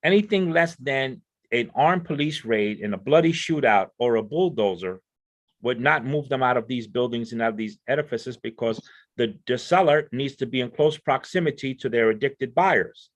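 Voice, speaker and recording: A man's voice: mid-range voice, moderate pace. A man speaking on a discussion panel, explaining his ideas in an earnest way and often repeating words as he builds each point. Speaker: panel speaker on crime prevention.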